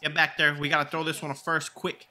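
A young man giving live commentary over his own video game, casual and excitable, shouting at big plays. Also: fairly high pitch, quick pace. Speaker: gaming channel host.

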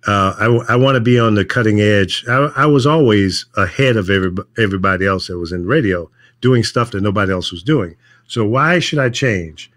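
An older man, a radio veteran, chatting casually in a measured, plain-spoken way with frequent fillers. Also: on the low side, fairly bright tone. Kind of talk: casual chat.

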